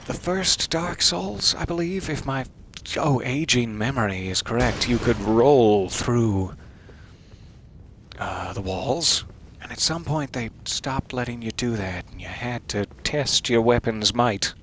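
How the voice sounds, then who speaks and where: A man's voice: mid-range voice, expressive, slow pace, fairly bright tone, slight background noise. A man giving casual let's-play commentary, making wry joking asides to his viewers and sometimes dropping into a mutter. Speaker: streamer playing a video game.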